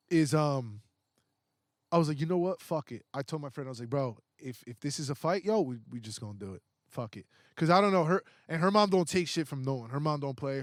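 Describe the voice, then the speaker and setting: A man's voice: mid-range voice, dry recording, clean studio sound. A young man, a podcast guest, tells a story in casual, profane talk, acting out what others said and restarting his sentences often. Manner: profane, acts out quoted voices. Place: indoors, podcast recording.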